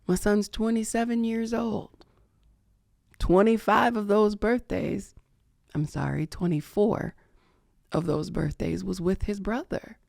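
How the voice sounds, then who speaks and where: A middle-aged woman hosting a podcast, speaking slowly and reflectively about personal grief, often hushed and emotional. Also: medium pitch, steady tone, gravelly, no echo, studio quality. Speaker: podcast host.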